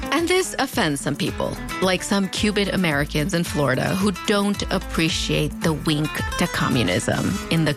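A woman in her thirties with a fronterizo border accent, narrating a video essay in a wry, conversational way. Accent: fronterizo (US–Mexico border). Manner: wry, conversational, with big playful pitch swings. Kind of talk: scripted narration. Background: background music.

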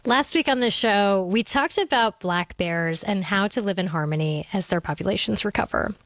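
A woman's voice: medium pitch, normal speed, dry recording. A woman hosting a radio show, introducing listener calls in an upbeat, conversational way. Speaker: radio host. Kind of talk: scripted radio presenting.

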